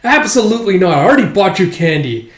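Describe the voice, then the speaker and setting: A man doing a gruff scolding father. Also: a little high, very animated, fairly quick, reverberant. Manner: loud, scolding.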